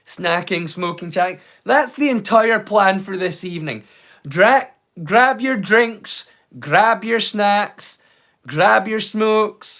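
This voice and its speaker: A man's voice: sits high, a bit bright. A man hosting a live movie watch-along, rambling casually with jokes and the odd swear word. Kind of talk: casual live-stream chat.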